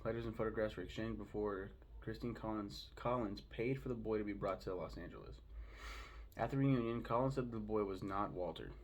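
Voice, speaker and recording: A man hosting his own review show from home, rattling off thoughts quickly and cursing as he goes. His voice sits low, with a faint hiss of noise under it. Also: a little mellow. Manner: profane, rambling, fast-talking. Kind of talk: casual solo review monologue.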